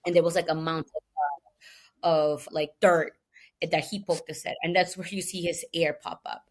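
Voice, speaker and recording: A woman who founded an animal rescue, telling a story in a casual, animated way, with many restarts and quick emotion. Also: low voice.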